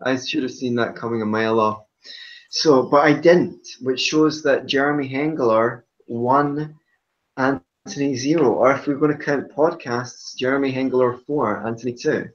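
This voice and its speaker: A man's voice: medium pitch, unhurried. Joking Scottish man, lo-fi sound. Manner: joking, theatrical outbursts. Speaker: podcast host. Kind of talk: casual group chat. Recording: dull lo-fi sound.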